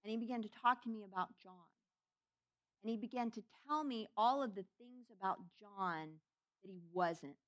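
A woman's voice: mid-range voice, moderate pace. A middle-aged woman preaching a sermon, giving an emotional testimony that swells into fervent preaching.

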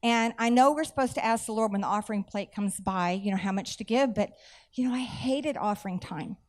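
A middle-aged woman, preaching a sermon through animated personal stories with folksy asides. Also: medium pitch, fairly quick. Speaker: church speaker.

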